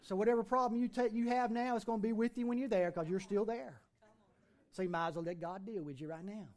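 A male pastor with a high voice preaches in a church. He recites scripture and builds with rising emphasis, then drops low and quiet to make a point. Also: fairly even intonation, fast talker. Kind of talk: sermon.

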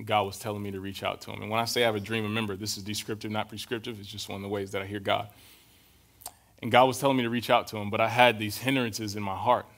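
A man's voice: lowish voice, little pitch movement, fast, a bit bright. Casual young man preaching a sermon. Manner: casual, storytelling, keeps checking in with "right?". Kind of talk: conversational sermon.

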